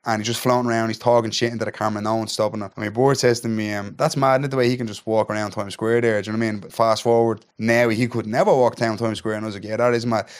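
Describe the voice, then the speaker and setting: A man's voice: on the low side, rapid-fire, few pauses. A young man with a Dublin accent, a podcast guest retelling a story in casual chat and acting out the dialogue. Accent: Irish, Dublin. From Ireland. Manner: animated retelling, acts out dialogue, keeps asking "do you know what I mean". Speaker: podcast guest, MMA fighter.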